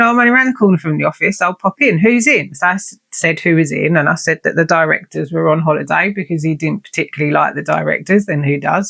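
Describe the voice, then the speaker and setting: A chatty woman hosts her own podcast and tells a long personal story. She talks in a blunt, sweary and self-mocking way. Her voice has a gravelly fry to it. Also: low voice, fairly bright tone. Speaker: podcast host. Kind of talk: casual storytelling monologue.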